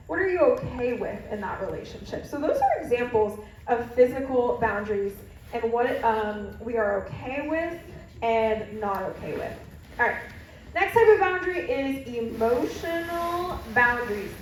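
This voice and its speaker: A woman's voice: fairly high pitch, slight background noise. A woman youth pastor giving a playful sermon, talking straight to her audience. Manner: playful, addresses audience directly. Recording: echoey hall from far off.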